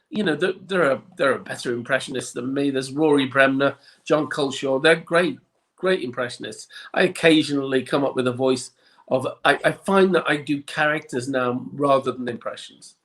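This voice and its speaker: Liverpudlian man, a touch higher-pitched. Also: a bit bright. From Liverpool, England. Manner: chatty, frequent restarts and ums. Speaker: guest. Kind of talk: relaxed interview chat.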